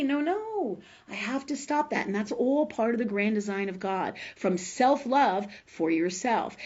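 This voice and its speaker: A woman's voice: fairly high pitch, a little mellow. Blunt, swearing woman on lo-fi audio. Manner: blunt and profane, swears freely; rambling, with many fillers and tag questions. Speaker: host of a live spiritual talk forum. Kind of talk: casual live-stream talk answering viewer questions.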